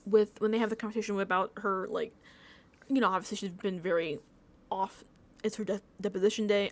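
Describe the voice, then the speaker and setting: A woman's voice: mid-range voice, fast talker. A young woman hosting a casual review show, ranting animatedly with frequent laughs and swearing. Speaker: podcast host reviewing a TV episode. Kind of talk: casual rant.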